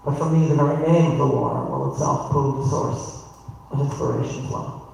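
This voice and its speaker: Gravelly-voiced rabbi in a reverberant hall. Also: male voice, mid-range voice, steady tone, fairly quick, heavy background noise. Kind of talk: sermon. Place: synagogue sanctuary. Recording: echoey hall, distant mic.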